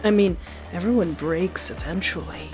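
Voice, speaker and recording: A woman voicing a smug, spoiled young male killer in a slow, mocking drawl. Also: lowish voice, music in the background, lightly acted.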